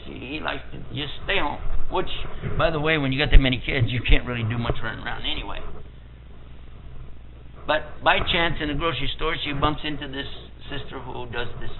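Older guy preaching, telling a family story, gravelly voice, sounds like a thin phone recording with some hiss. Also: medium pitch, narrow, tinny audio. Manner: vivid storytelling, acting out quoted voices. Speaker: Islamic preacher. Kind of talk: storytelling sermon.

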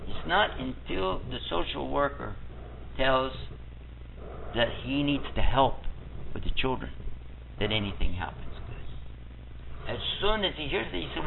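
A man's voice: mid-range voice, very animated, a little slow, gravelly, pauses often. An older man preaching a storytelling sermon, vividly telling a family story and acting out the people in it. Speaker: Islamic preacher. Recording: tinny phone-like lo-fi recording, faint hiss.

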